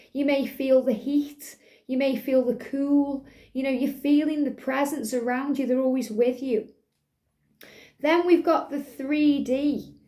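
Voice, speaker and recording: A middle-aged woman gives a spiritual tarot reading in a soft, soothing way, sometimes half-singing lyrics. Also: sits high. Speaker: tarot reader.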